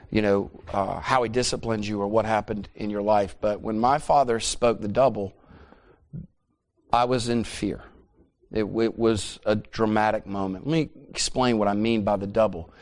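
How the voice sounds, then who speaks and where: Emphatic middle-aged male preacher. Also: fairly low pitch. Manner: emphatic, repeats phrases for emphasis. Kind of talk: sermon.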